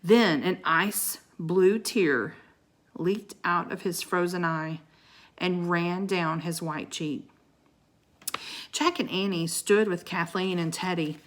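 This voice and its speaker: A woman reading a children's book aloud with dramatic expression, pausing to show the pictures. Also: on the low side. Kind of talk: expressive read-aloud storytelling.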